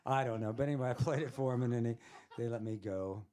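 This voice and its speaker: A man's voice: medium pitch, fast talker, warm tone. A man who is a singer-songwriter, telling rambling anecdotes on stage between songs, chuckling as he goes. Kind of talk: casual storytelling on stage.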